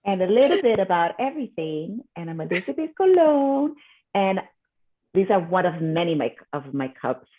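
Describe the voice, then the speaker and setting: A woman's voice: lowish voice, very animated, moderate pace. A woman co-hosting a casual chat show, telling stories and mixing Spanish into her English, over a call. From Puerto Rican family, lives in Chicago. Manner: storytelling, mixes Spanish into English, laughs often. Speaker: co-host. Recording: tinny phone-like line.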